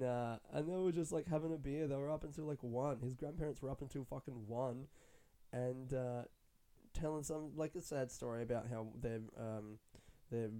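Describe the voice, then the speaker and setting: A young adult man, a stand-up comedian, rambling in a casual, excitable monologue full of swearing. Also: mid-range voice. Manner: profane, chatty, excitable.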